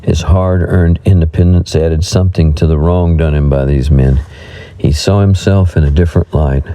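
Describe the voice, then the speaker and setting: Man reading a western audiobook, very dark and mellow, deep voice, measured. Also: fairly even intonation, rough recording. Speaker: audiobook narrator.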